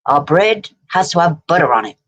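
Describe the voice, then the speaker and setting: A woman with a somewhat low voice co-hosts a casual livestream. She talks playfully and drifts into anecdotes, teasing her co-host along the way. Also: sing-song, normal speed, poor audio. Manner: playful, chatty, tells anecdotes.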